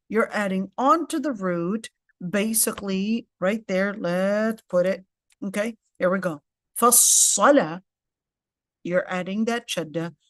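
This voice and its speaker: A woman's voice: medium pitch, no echo, studio quality. A woman teaching a casual lecture in English with Arabic terms mixed in, explaining step by step and often checking in with "okay?". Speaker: Quran tafseer teacher.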